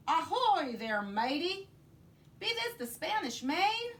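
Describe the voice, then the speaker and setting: A woman voicing a loud, bossy male pirate captain in a storybook read-aloud, bellowing his orders. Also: huge pitch swings, measured pace, exaggerated voice. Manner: bellowing, booming pirate talk.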